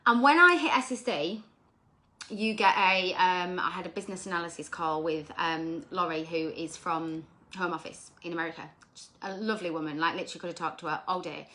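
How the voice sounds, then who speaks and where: A woman giving an energetic motivational talk to her sales team, repeating points and checking in with "okay?". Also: on the low side, a little fast.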